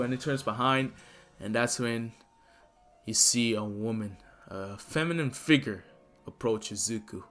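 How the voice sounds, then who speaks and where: A man's voice: mid-range voice, unhurried, a bit bright. A man retelling a fan-fiction story in a loose, rambling casual way. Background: faint lofi music.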